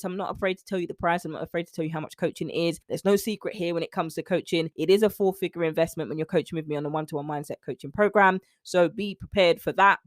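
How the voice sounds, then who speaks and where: A British woman, a nutrition coach, talking alone on her podcast in a lively, chatty way with faith-tinged asides. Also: on the low side, dry recording, studio quality. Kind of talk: solo podcast talk.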